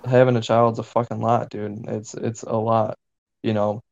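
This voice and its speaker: A man's voice: lowish voice, flat delivery, moderate pace, gravelly, darkish tone. A man hosting a podcast in casual chat, laid-back, swearing casually and filling with "you know". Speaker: podcast host. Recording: dull lo-fi sound.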